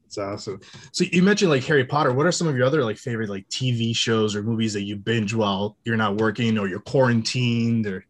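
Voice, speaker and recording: A man hosting an interview at an ordinary pitch for a man. He asks his questions haltingly, filling pauses with uh and like as he goes. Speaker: podcast host.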